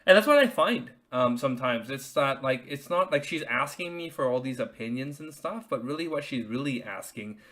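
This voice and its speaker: A man's voice: medium pitch, expressive, normal speed, hardly any pauses, fairly bright tone. A man hosting a podcast, talking casually as a new father, rambling with many fillers and restarts.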